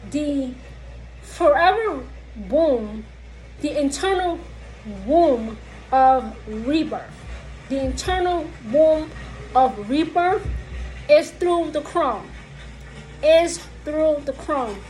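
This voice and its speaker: A woman's voice: high-pitched, darkish tone, slight background noise, low-quality recording. A woman vlogger teaching witchcraft lore in a casual, emphatic way, repeating her points to viewers. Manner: repetitive, slow and emphatic, talks directly to viewers.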